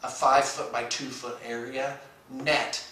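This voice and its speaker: A man's voice: medium pitch, flat delivery, slow, sharp tone. A middle-aged man co-hosting a casual morning talk show, joking dryly at his own expense with lots of hesitation. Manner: dry, self-mocking humor with frequent hesitations. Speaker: radio show co-host. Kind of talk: casual banter. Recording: echoey room, distant from the mic.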